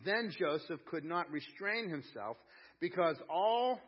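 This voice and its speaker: A pastor tells down-home stories from the pulpit of a church sanctuary, speaking emphatically and colloquially in a folksy manner. His voice is a little high and slightly rough, with lively intonation at a measured pace, captured in dull lo-fi audio with long hall reverb.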